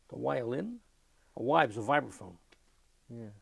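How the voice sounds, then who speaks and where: An older man, telling lively anecdotes in an oral history interview and mimicking sounds as he goes. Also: mid-range voice, a little slow, vocal fry, long pauses, no echo. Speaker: interviewee, musician.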